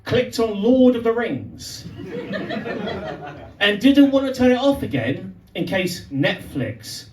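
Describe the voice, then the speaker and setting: Lively young comedian on stage. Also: male voice, very high voice, slow pace, a crowd in the background. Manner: animated storytelling with punchlines. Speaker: stand-up comedian. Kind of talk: stand-up comedy set. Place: pub venue with live audience. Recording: echoey live room from far off. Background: audience laughter.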